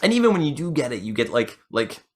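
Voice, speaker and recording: A young man hosts a casual chat podcast at an ordinary, mid-range pitch. He rambles and restarts his sentences often. He jokes at his own expense as he talks. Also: sing-song, fast talker. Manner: rambling, self-deprecating, lots of fillers and restarts. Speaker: podcast host.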